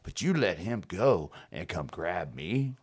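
A low-voiced man spinning rough-and-tumble yarns with a lot of swing in his pitch. He talks casually, curses freely and breaks into laughs mid-story, like a regular on a relaxed podcast. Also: slow pace. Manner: animated, rowdy, swears freely and laughs through his stories. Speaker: podcast host.

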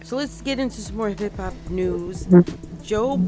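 A woman's voice: mid-range voice, unhurried, over music. A woman co-hosting a casual hip-hop chat show, talking in a laid-back, teasing way. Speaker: co-host.

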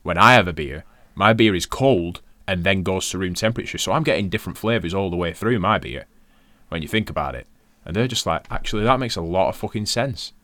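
A man's voice: deep voice, animated, brisk, bright, forceful tone, dry recording. A man with a Lancashire accent, co-hosting a podcast in casual chat, swearing freely and laughing often. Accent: Lancashire English. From Lancashire, England. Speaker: podcast co-host.

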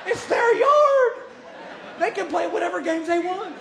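Male comic, high swooping voice, roomy live room with crowd noise, middle-aged, animated shouting storyteller. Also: measured pace. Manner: animated, breaks into shouts and laughs at his own story. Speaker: stand-up comedian. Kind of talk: stand-up storytelling.

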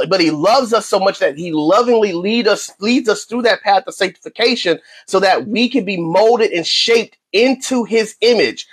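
A man's voice: high-pitched, slightly rough. A man hosting a faith talk show, preaching in an earnest, conversational way and repeating phrases for emphasis. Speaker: podcast host.

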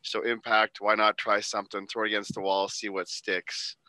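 Bright-voiced Canadian man, dry and close. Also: fairly low pitch, level tone, normal speed, no echo, poor audio. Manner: playful, teasing. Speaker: podcast co-host. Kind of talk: casual chat.

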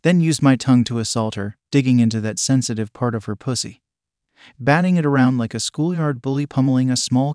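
Male narrator, mid pitch, steady story reading, dry close mic. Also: dry recording. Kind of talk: first-person fiction narration.

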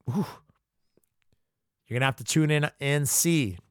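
A man hosting a podcast, ranting with heavy profanity in an animated, mock-outraged way. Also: on the high side, measured pace, clear, resonant tone, dry recording, studio quality. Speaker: podcast host.

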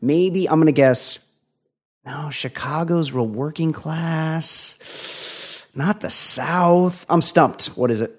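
A man co-hosting a podcast, musing aloud in casual chat with many hesitations. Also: on the high side. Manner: rambling, hesitant, drawn-out musing. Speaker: podcast co-host.

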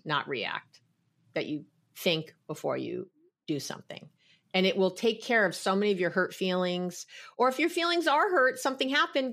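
A woman giving relationship advice in an emphatic, animated way during a casual podcast chat. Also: medium pitch. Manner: emphatic, animated, repeats herself. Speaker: guest advice giver.

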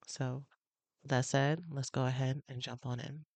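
A woman hosting her own podcast as a love addiction coach, talking casually and with emotion, with pauses as she gathers herself. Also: rumbling low, level tone, a little mellow, soft background music. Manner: emotional, pausing, heartfelt. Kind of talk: casual personal podcast talk. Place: on location on a trip.

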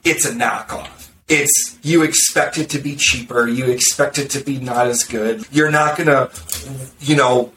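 A blunt, sarcastic man talks marketing in a loose podcast chat, tripping over quick restarts. He sounds set back from the mic in a roomy space. A faint background noise sits under his voice. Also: mid-range voice, steady tone, fairly bright tone, distant mic. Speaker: marketer discussing content strategy. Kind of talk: casual podcast conversation.

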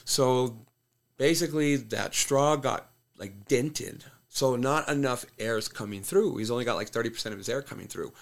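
A man's voice: mid-range voice, normal speed. A man, a fighter and trainer, talking casually as an interview guest and telling stories loosely, with lots of "like" and restarts. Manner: loose storytelling with frequent "like" and restarts. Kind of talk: casual sit-down conversation.

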